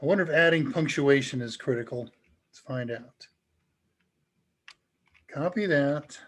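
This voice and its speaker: A man hosting a live tech Q&A, talking casually and chuckling as he demonstrates software. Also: medium pitch, a little slow, husky. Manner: casual and upbeat, chuckles often. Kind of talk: live demo talk.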